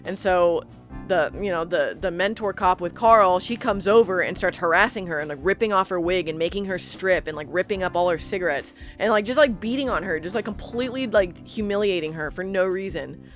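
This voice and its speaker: A woman co-hosting a podcast in casual chat, blunt and quick to swear. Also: on the low side, faint music behind. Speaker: podcast co-host.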